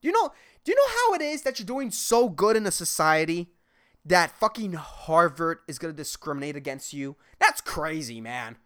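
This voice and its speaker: Animated, profane podcaster. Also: male voice, a little high, normal speed. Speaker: podcast host. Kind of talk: solo rambling podcast monologue.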